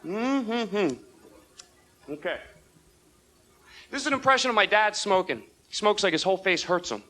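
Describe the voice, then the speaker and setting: High-voiced young comic working a club crowd. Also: male voice. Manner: fast, animated, jumps into quick character voices. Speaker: stand-up comedian. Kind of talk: stand-up comedy routine. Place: comedy club stage. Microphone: handheld stage microphone. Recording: old videotape with audible room noise. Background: audience laughter.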